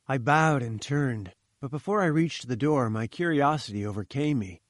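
A man's voice: medium pitch, dry recording. Man narrating a story in a dry voice. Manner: measured and formal storytelling. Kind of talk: audiobook narration.

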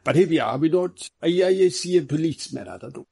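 A man voicing a playful, deadpan foreign male detective who speaks in broken, halting English. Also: a little high, vocal fry, breathy edge, pitched above the performer's own voice, heavily acted. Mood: hesitant.

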